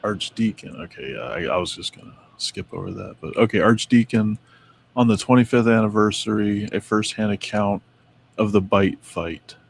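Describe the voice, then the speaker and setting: Man, fairly low voice, casual podcast co-host, reads aloud, trips on names. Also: normal speed, creaky, a little hiss or hum. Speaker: co-host reading Mandela effect notes. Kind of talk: casual chat.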